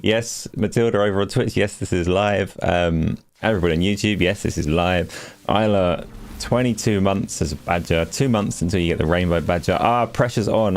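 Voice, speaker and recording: A man with a very low, deep voice hosts a live gaming podcast. He talks casually and teases his co-hosts, putting on mock offense at their jokes. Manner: teasing, playfully indignant. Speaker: podcast host.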